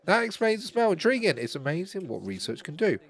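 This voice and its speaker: Lively man commenting on a game. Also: high-pitched, a little fast. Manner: chatty, exclaiming and talking to game characters. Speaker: gaming channel host. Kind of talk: let's play commentary.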